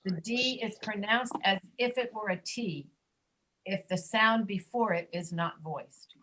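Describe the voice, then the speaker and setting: A woman teaching an online pronunciation class, stretching out words slowly to model each sound. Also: mid-range voice, pushed and bright, slight background noise, low-quality recording. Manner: slow, drawn-out modeling of sounds. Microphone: video call.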